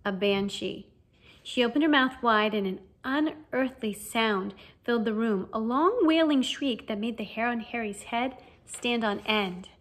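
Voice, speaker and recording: A woman narrating a children's fantasy novel as an audiobook reader, with a lively, expressive reading. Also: a little high, unhurried. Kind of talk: storybook narration.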